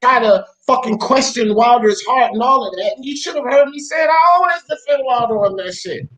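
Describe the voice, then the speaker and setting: A man's voice: very high voice, fairly quick, a bit bright, poor audio. A man hosting a sports talk show, arguing bluntly with lots of swearing and street slang. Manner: blunt, profane, argumentative. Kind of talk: heated sports debate. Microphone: podcast mic.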